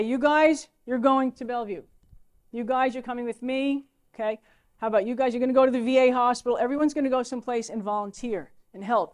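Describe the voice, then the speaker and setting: A middle-aged woman, a teacher giving a lecture full of lively anecdotes and excited asides. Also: on the high side. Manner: animated storytelling, excitable asides.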